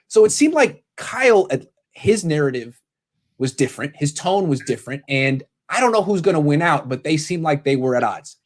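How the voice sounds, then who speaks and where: A man hosting a casual sports talk show, animated, often quoting others in quick voices. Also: fairly high pitch. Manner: animated, quotes people in quick impressions. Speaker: podcast host.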